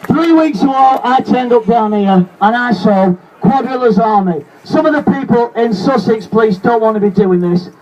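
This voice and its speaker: A man's voice: very high-pitched, animated, moderate pace, few pauses, dull audio. A man from Lancashire, giving an impassioned anti-fracking speech at an outdoor protest and repeating rallying cries. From Lancashire, England. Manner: repetitive rallying cries, shouting to the crowd. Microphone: camera held in the crowd, away from the speaker. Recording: distant outdoor recording with crowd noise.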